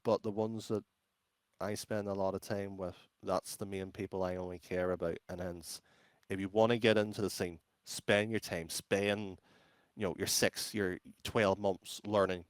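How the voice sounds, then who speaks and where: Deep, clear and resonant, this man's voice has a flat delivery at a moderate pace, with no echo. An esports caster from Ireland, he's a podcast guest in a casual interview, speaking bluntly and rambling with lots of fillers and restarts.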